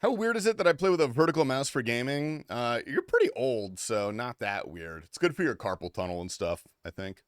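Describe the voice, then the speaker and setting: Male streamer, casual and foul-mouthed, with animated pitch and a dry, deadened sound. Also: a little fast, few pauses, clear, resonant tone, no room sound. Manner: crude, swears freely, rambling and offhand. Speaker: game streamer. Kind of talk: casual livestream chat.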